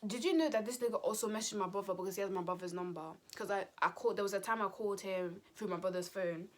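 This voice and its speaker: A young woman telling a casual storytime vlog, slangy and animated. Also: medium pitch, fast talker. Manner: slangy and animated, acting out quotes. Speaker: vlogger.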